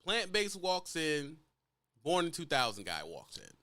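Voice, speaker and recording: A man's voice: a little high, huge pitch swings, a little slow, sharp tone, no echo, clean studio sound. A man who drives trucks, bluntly lecturing younger drivers in a casual, profane vlog rant. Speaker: truck driver giving advice.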